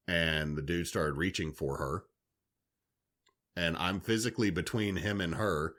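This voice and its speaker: A man, telling animated stories on a podcast, swearing freely. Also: rumbling low, moderate pace. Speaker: podcast co-host. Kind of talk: casual storytelling chat.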